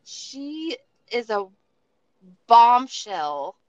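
A woman podcaster who chats slowly and freely, full of swearing and restarts. Her voice sits a bit high, and it is recorded close and dry with a somewhat dull, muffled sound. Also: no room sound. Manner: profane, animated storytelling with many restarts. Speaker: podcast host. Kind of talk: casual podcast chat.

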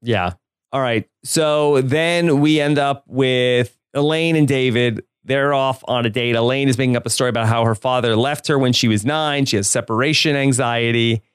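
A man co-hosting a podcast, casually chatting and recapping a sitcom episode in slow, measured beats. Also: medium pitch, clear, resonant tone, no room sound, studio quality. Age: adult. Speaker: podcast co-host.

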